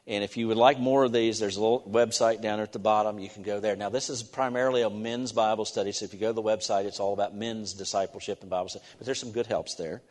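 A man preaching a sermon in a church, earnest and halting, with restarts as he talks. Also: fairly low pitch, fairly even intonation, darkish tone. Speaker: pastor. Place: church sanctuary. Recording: long hall reverb.

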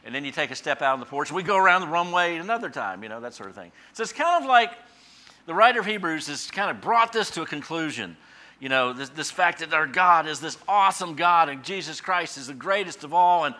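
A man's voice: on the high side, animated, fairly quick, pushed and bright. A middle-aged man preaching a casual, folksy Bible sermon, with plenty of fillers and restarts and sudden bursts of emphasis on key phrases. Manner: punches key phrases by suddenly raising his voice. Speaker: pastor and Bible teacher. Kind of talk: conversational radio sermon.

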